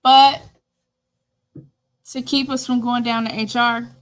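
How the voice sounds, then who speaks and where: A woman, an educator with a doctorate, chatting casually as a co-host, joking and chiming in with quick remarks. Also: fairly high pitch, flat delivery. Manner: quick interjections, playful joking. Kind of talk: casual conversational chat.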